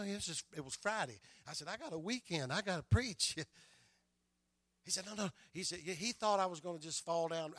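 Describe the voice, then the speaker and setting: A man's voice: high-pitched, a bit bright, no room sound. Older male pastor, storytelling sermon, repeats himself, amen-heavy, dry and close. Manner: storytelling preacher, repeats words and adds "amen" often.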